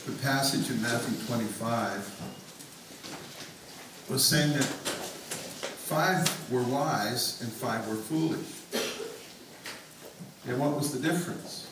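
A man preaching a sermon, leading the congregation in a calm, inviting way. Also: mid-range voice, slow, long pauses. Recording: echoey room, mic far off, room noise.

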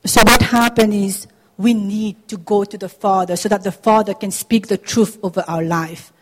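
Animated woman preacher in an echoing hall. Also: medium pitch, moderate pace. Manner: animated, rising to loud emphatic exclamations; acts out quoted voices in her preaching. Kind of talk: sermon. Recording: long hall reverb.

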